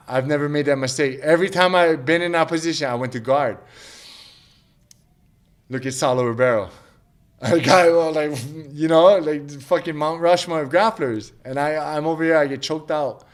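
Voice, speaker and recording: Profane, rambling fighter telling his story. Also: mid-range voice. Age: 30s. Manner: profane, rambling, acts out quotes of others. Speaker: mixed martial arts fighter. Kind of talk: casual interview storytelling.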